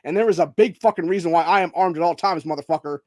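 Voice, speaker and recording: A man's voice: on the high side, quick pace, no echo, studio quality. A man hosting his own channel, delivering a heated, profanity-laced political rant and calling everyone dude. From Ohio. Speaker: host.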